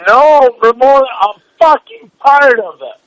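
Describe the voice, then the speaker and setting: A man shouting in a heated private argument, furious and swearing nonstop, his voice sore and strained. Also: very high-pitched, lively intonation, a little slow, smooth, muffled recording.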